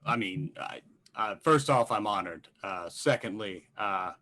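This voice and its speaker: A man playing in a tabletop game, talking in a hesitant, halting way. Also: on the low side, animated, pushed and bright. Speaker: player. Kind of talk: casual tabletop play.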